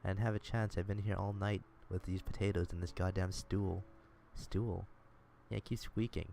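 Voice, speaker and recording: A low, gravelly male streamer reads a visual novel aloud on a desk mic. He is sardonic and swears freely. Faint hiss sits behind him. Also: little pitch movement, moderate pace, dark tone.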